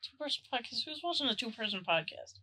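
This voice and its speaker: Blunt, teasing woman with a bright voice. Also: fairly high pitch, very animated, fast. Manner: blunt, teasing, swears casually. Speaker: podcast co-host. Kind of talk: casual chat.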